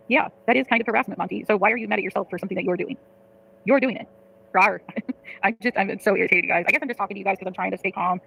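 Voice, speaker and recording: A woman streams live and vents to her viewers, cursing freely as she reads their comments. Her words rush out at a breakneck pace. A gravelly fry runs under her voice. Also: mid-range voice, a bit bright, poor audio. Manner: rapid, profane, frustrated venting. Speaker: livestreamer. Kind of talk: venting to live chat.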